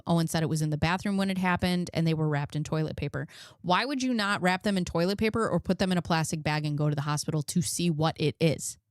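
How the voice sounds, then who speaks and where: A woman's voice: lowish voice, smooth, no echo, clean studio sound. A woman in her thirties hosting a commentary channel, telling candid personal stories in a chatty, casual way and reading out case notes.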